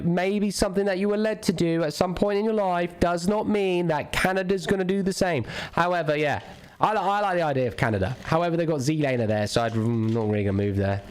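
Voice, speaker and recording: A man's voice: high-pitched, fairly quick, clean tone. A man streaming a game, ranting crudely and jokingly in a rambling, casual chat. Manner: rambling, crude, jokey rants.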